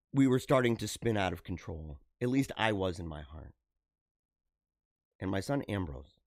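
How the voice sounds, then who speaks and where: A middle-aged man hosting a live show, talking earnestly and haltingly to his viewers, often repeating himself and restarting phrases. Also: fairly low pitch, creaky, no echo, studio quality. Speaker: livestream show host. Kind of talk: emotional personal monologue to viewers.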